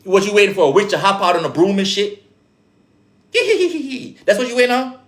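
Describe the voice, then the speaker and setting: A man's voice: sits high, animated, moderate pace, a bit bright. Preachy, profane man with an accent. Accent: speaks with an accent. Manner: profane, streetwise, full of rhetorical questions. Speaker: spiritual teacher addressing viewers. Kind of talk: preachy casual monologue.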